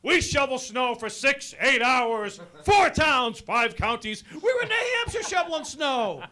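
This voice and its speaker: A man doing stand-up comedy on stage, loud and punchy, talking to the crowd as folks. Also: very high voice, very animated, unhurried. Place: stage before a live audience.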